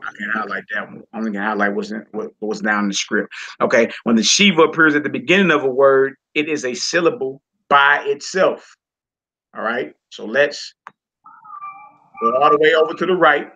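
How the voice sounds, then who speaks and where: A man casually teaches a live-streamed Hebrew lesson, repeating words and drilling syllables slowly. His medium-pitched voice is bright and forceful, though the recording sounds muffled.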